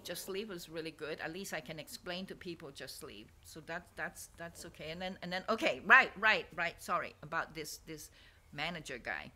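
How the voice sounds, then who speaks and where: A woman's voice: on the low side, normal speed, bright, forceful tone, slight background noise. A woman chatting in a rambling, digressive way about her swap meet stall, often trailing off into near-whispers. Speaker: artist vlogger. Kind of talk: rambling casual monologue.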